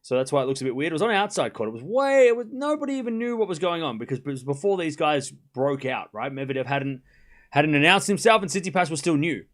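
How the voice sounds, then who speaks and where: A man's voice: fairly high pitch, sing-song, quick pace. A young man hosting a live stream, chatting casually and rambling, often repeating himself. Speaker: host.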